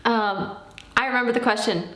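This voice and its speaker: A woman in her thirties telling a personal story in a casual, animated way, acting out what she said back then. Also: a little high, moderate pace, reverberant. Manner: animated, acts out her own past lines. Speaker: vlogger.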